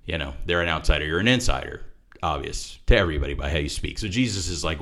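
A man with a low voice that swoops up and down as he talks through scripture in a relaxed conversation. He is animated, breaking into laughter and acting out the people in the passage. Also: fast talker. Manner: animated, acts out quoted voices, laughs often. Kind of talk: casual chat on scripture.

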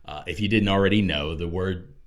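Deep-voiced man explaining scripture. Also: fairly quick. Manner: explanatory, rising to emphatic preaching on key points. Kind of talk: casual Bible discussion.

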